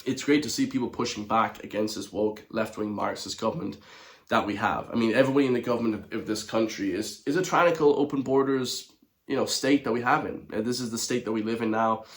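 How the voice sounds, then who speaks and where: A young Irish man giving casual commentary to his viewers, chatty and quick to chuckle, calling them lads and guys. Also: on the low side. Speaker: online commentator.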